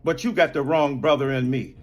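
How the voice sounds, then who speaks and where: A man with a notably high voice argues indignantly on air. He stacks up accusations word by word, emphatic and firm, in the manner of a heated televised debate. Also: fairly even intonation, fairly quick, soft background music.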